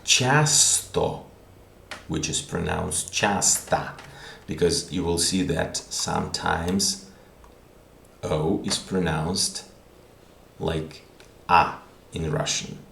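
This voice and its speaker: Slow, deep, gravelly male teacher. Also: level tone, a bit bright, slight background noise. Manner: patient, repeats words, thinks aloud. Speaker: language teacher. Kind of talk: online video lesson. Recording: roomy echo.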